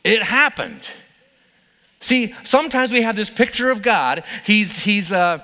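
A male preacher delivering a sermon in a playful, conversational storytelling style. His voice sits high and sounds bright and forceful. Long hall reverb trails behind his words. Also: expressive, unhurried. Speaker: pastor.

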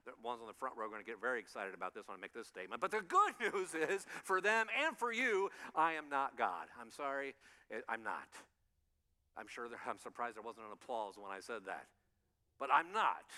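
A male pastor preaching a sermon with a high, bright, forceful voice. He tells stories with lots of animation and slips into playful voices for the people in them. Now and then he chuckles at his own jokes. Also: big-room sound. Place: church sanctuary.

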